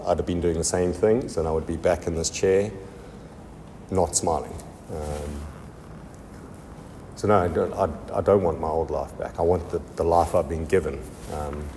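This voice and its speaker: A man telling his recovery story in a halting, heartfelt testimony full of pauses and restarts. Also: sits low, warm tone, big-room sound, slight background noise. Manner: halting, many ums and restarts. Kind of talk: personal testimony.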